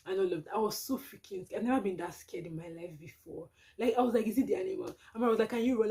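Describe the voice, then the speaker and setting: Nigerian girl doing a storytime vlog, warm mellow voice, super animated and dramatic. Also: mid-range voice, quick pace, few pauses. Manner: animated, dramatic retelling with exclamations. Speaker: vlogger.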